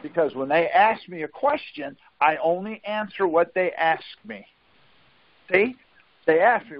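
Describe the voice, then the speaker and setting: A man's voice: high voice, lively intonation, a little slow, no echo, highs cut off. A man on a conference call giving a casual, folksy talk and often asking "see?" to check that his listener follows.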